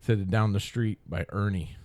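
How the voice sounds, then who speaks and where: A man's voice: fairly low pitch, fairly even intonation, a little slow, a little mellow, dry recording. A man who is a first-time guest on a podcast, chatting casually and bluntly with a laugh. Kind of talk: casual chat.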